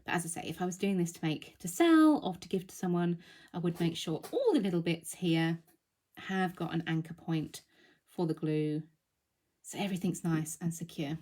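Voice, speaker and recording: A woman's voice: on the low side, moderate pace, darkish tone. A woman, a bit out of breath from being unwell, chatting through a live craft demonstration with a reassuring manner. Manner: chatty, reassuring, thinks aloud with many ums. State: out of breath, recovering from illness.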